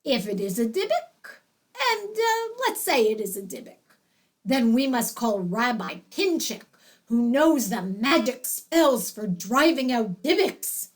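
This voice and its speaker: Woman reader as a wary dad, deliberate and halting. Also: on the high side, big pitch swings. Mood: cautious. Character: cautious father of the bride.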